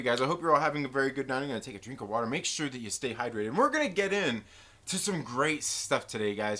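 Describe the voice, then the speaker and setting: A bright, fairly high-pitched man from the West Coast hosts a casual live stream, reading chat messages aloud and joking around. His talk is loose and chatty, with a clear, forward tone. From American West Coast. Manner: chatty, reads out viewer messages and jokes around.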